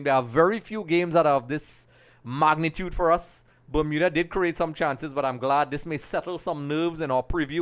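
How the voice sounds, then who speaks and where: A man's voice: a little high, smooth. A middle-aged man hosting a live football watch-along stream, chatting to viewers by name and reacting to the match. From Trinidad and Tobago. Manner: chatty, greets viewers by name, excitable over goals.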